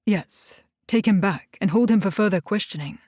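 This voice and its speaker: Woman reads the devil: a powerful, calmly menacing man in an audiobook, quiet and controlled, mid pitch, dry. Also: normal speed, dry recording, lightly acted. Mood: calm commanding. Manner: low, calm, controlled threat.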